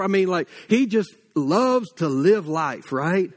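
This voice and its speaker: Guy in his 30s, pretty high voice, preaching loose and chatty with stories. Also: lively intonation, measured pace. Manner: casual and anecdotal, many fillers like "like" and "you know". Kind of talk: conversational sermon.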